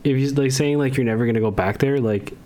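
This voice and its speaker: A man's voice: mid-range voice, fast talker, mellow. Laid-back man chatting. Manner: laid-back, laughs while talking, restarts words. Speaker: podcast co-host. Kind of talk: casual chat.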